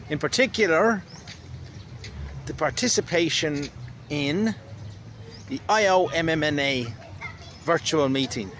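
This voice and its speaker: A man's voice: on the high side, a bit bright, slight background noise. Rambling wry Irish man outdoors. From Ireland. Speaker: vlogger. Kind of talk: casual spoken monologue.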